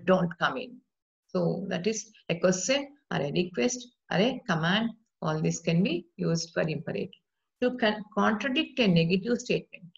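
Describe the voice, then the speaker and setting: A woman teaching a grammar lecture, explaining patiently and reading example sentences aloud slowly. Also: on the low side, vocal fry. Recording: dull lo-fi recording.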